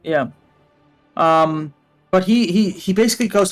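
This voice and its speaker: A man with a high voice rambles through a casual story on a stream voice call, full of fillers and cursing. Faint music plays underneath. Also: moderate pace, pauses often. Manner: rambling, with frequent fillers and swearing. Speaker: guest on a livestream. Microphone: voice call from a computer.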